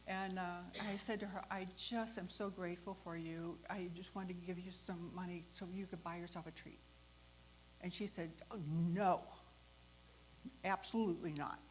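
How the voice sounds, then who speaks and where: A woman hosting a talk, telling a personal story in a lively way, acting out the voices of the people in it and laughing often. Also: on the low side, normal speed, slight background noise, rough recording. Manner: animated, acts out the voices in her story. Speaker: host.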